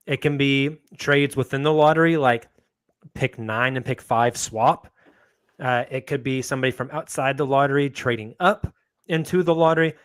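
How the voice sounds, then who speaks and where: A man's voice: fairly high pitch, no room sound, clean studio sound. A man hosting a casual sports podcast, upbeat as he steers the panel through topics. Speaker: podcast host.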